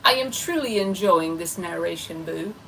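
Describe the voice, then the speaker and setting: A woman's voice: lowish voice, lively intonation, normal speed, vocal fry, a bit bright, distant mic, slight background noise, low-quality recording. A woman giving a live tarot reading in a chatty, playful way. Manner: chatty and playful, self-described goofy. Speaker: tarot reader.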